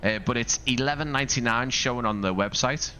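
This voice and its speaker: Live-streaming a flight simulator, a Scouse-accented man from Liverpool, England, chats casually, rambling, thinking aloud, and addressing his viewers in asides. His voice is mid-range, fairly quick, and sharp, with a little hiss or hum in the audio.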